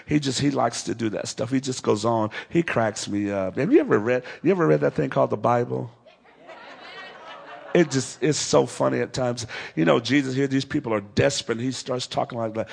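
A man's voice: mid-range voice, fairly even intonation, normal speed, gravelly, breathy edge, some chatter behind. A man preaching a revival sermon at a large crusade, acting out the dialogue of the story he tells.

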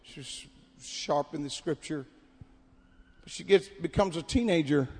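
A man preaches a camp meeting sermon in a high voice. He tells a story about his congregation in a quiet, conversational way. The sound carries the long reverb of a large hall. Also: measured pace, breathy edge. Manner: builds to shouted preaching, then drops to quiet storytelling. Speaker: pastor.

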